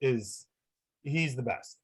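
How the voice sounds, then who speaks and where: A man's voice: medium pitch, lively intonation, slow, breathy edge, low-quality recording. A man chatting casually as a guest on a video call, rambling and self-deprecating with upbeat energy. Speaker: guest entertainer.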